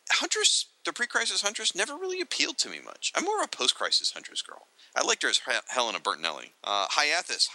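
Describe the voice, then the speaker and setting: A man co-hosting a casual chat, reading entries aloud from a reference book and adding excitable, joking asides. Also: on the low side, rough recording. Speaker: podcast co-host.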